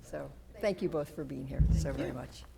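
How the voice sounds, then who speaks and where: A woman's voice: very deep voice, normal speed, creaky, very noisy. A woman with a Massachusetts accent moderating a town candidates forum in a meeting room, talking loosely with fillers and restarts. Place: police station meeting room.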